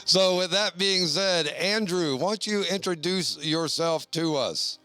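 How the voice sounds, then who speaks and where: A man's voice: high voice, unhurried, bright, forceful tone, clean tone, no room sound, soft background music. A man hosting a casual podcast, chatting in a loose, rambling way full of fillers. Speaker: podcast host.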